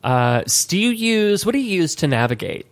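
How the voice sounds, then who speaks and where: Podcast co-host, male, gravelly, loose rambling banter. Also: high-pitched, very animated, brisk. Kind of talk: casual chat.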